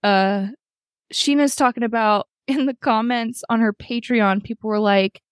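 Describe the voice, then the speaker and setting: A woman's voice: a little high, steady tone, a little slow, smooth, dry recording, studio quality. A woman hosting a podcast, chatting casually through a reality-show recap, swearing freely and acting out quotes. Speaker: podcast host.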